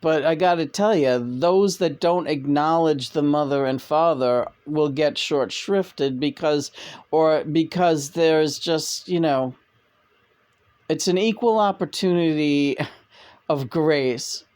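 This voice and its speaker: A man speaking as a departed male spirit in a slow, halting, solemn manner during a channeling talk. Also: fairly high pitch, darkish tone, clean tone.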